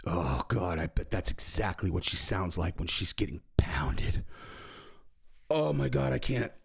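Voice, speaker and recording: A man mimicking a creepy male online commenter in a low, breathy, whispery voice. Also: sing-song, a little slow, heavily acted. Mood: leering.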